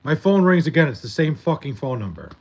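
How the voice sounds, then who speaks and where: A man's voice: fairly high pitch, sing-song, brisk, darkish tone, low-quality recording. A tired young man livestreaming from his bedroom late at night, swearing and rambling about something that annoyed him. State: tired, just woken up.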